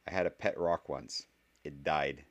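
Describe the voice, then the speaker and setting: A man's voice: extremely low pitch, fairly even intonation, unhurried. A man voicing a clever, blunt eleven-year-old boy who talks in an earnest, argumentative way.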